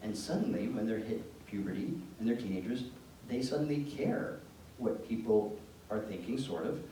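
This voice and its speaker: A man giving an educational talk to parents, telling anecdotes in an animated, joking way. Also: on the low side, moderate pace. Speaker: presenter speaking to parents. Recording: echoey room from far off, faint background noise.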